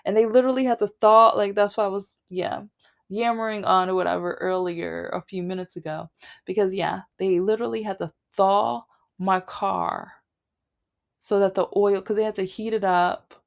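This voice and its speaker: A woman's voice: medium pitch, fairly even intonation, moderate pace, vocal fry. A woman vlogger telling a long personal grievance story in a casual, rambling way, with many restarts.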